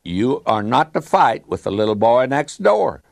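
A preacher putting on a firm, no-nonsense mother scolding her son. The voice stays near his own middling pitch, with no change of timbre. The sound is dry and close. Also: very animated, unhurried, gravelly, no room sound.

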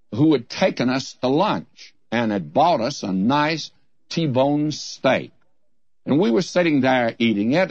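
A man's voice: mid-range voice, dry recording. A man preaching in a folksy, storytelling way, teaching from the Bible with emphatic points. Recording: dry, slightly dull lo-fi recording.

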